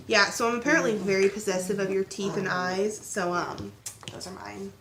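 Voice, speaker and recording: A woman's voice: medium pitch, expressive, normal speed, fairly bright tone, echoey room, slight background noise. A young woman chatting casually and teasingly with her partner for a home vlog. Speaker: vlogger. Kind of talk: casual couples chat.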